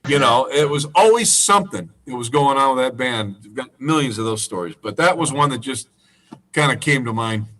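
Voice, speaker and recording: A man, a musician, telling a profane, animated road story in casual chat, laughing and mimicking the people in it. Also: medium pitch, fairly quick, distant mic, rough recording. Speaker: musician guest.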